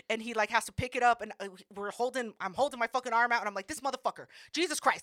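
A woman co-hosting a podcast, telling a story in an animated, profane way and acting out what people said. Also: on the high side, fast talker, no echo, studio quality. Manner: animated, profane, acts out quotes. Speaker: podcast co-host. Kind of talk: casual storytelling.

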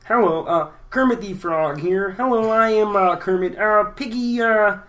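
A man's voice: high voice, normal speed, voice pushed up. A man voicing Kermit the Frog, a cheerful male frog puppet host who hesitates with "uh"s between lines. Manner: hesitant, with many "uh"s, ending in a shout.

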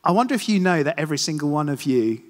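This animated, fast-talking preacher has a voice on the high side. He keeps his sermon casual and chatty, telling stories at his own expense and putting questions to the congregation as long reverb fills the church hall.

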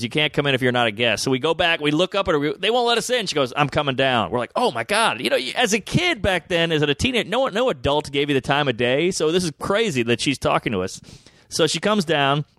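A man telling a crude story in casual chat, animated and acting out the voices of the people in it. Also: fairly high pitch, no room sound. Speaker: comedian guest.

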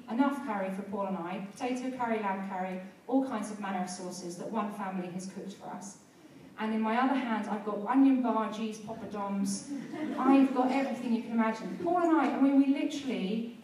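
A woman preacher with a slightly high, slightly mellow voice gives a sermon and prayer, telling stories conversationally and building to fervent exhortation. Heard from a distance in a very echoey church hall, the recording carries a little hiss or hum.

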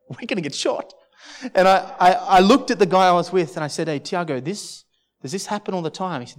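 A man preaching a sermon at a church service, telling a personal story in an earnest, halting way with many restarts. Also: medium pitch. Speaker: pastor.

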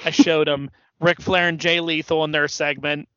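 A man co-hosting a podcast, telling animated stories in casual chat and acting out quotes. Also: fairly high pitch, normal speed, clear, resonant tone, no echo, lo-fi sound. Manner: animated storytelling, acts out quotes. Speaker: podcast co-host.

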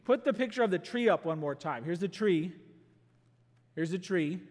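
A pastor delivering a sermon, teaching through a passage with emphatic bursts and slowed, stressed phrases. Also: male voice, high-pitched, lively intonation, darkish tone. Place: church sanctuary. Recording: long reverb of a church hall.

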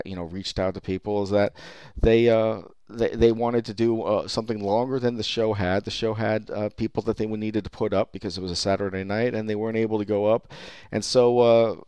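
Low, smooth-voiced man ranting on a podcast. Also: darkish tone, no echo. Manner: ranting, profane, full of fillers and restarts. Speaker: podcast host. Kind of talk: rambling podcast monologue.

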